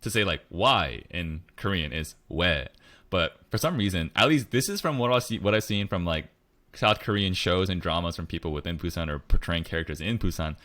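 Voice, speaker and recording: Young American man, very low voice, casual podcast co-host, easygoing and hedging. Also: brisk, a bit bright. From United States. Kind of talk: casual chat.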